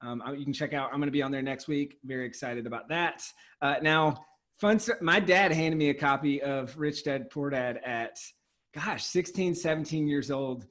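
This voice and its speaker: Young male host, slightly high voice, eager chatty interviewer. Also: normal speed, a bit bright. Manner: eager, with fillers and restarts. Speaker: podcast host. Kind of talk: casual interview.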